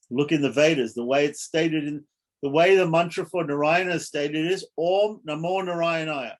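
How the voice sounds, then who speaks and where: A man giving a scripture lecture, explaining step by step and stressing key points by repeating them. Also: fairly high pitch. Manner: explains step by step, asks "right?". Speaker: scripture teacher.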